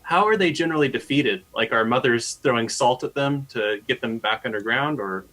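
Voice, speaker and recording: Bright, sharp male player. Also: mid-range voice, fairly quick, poor audio. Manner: asks questions in character. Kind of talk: casual tabletop game talk.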